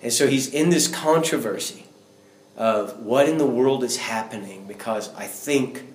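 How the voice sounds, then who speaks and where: A man's voice: medium pitch, unhurried, slight background noise. Guy telling his faith story, earnest, gets fired up and preachy, echoey room. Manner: earnest, builds to fervent preacher-like outbursts. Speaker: guest sharing a faith testimony. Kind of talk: personal testimony storytelling. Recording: roomy echo.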